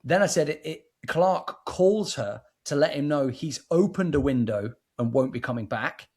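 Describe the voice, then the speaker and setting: A man who is a podcast guest, with a husky voice pitched a little high. He talks eagerly and rambles, restarting his sentences often. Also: animated, normal speed, a little mellow. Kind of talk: casual film review chat.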